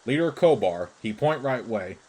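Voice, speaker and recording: A man's voice: medium pitch, lively intonation, moderate pace, darkish tone, slight background noise, close to an everyday voice, low-quality recording. A man voicing a shrewd, talkative male creature who wanders a fantasy game world, speaking in broken, clipped phrases. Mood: matter-of-fact. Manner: broken, clipped pidgin speech.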